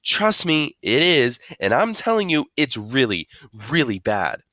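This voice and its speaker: A man's voice: mid-range voice, big pitch swings, measured pace, bright, forceful tone, no room sound, clean studio sound, voice pushed up. Man doing a worked-up schoolboy. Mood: insistent. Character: middle-school boy, blunt and worked up. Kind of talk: storybook read-aloud.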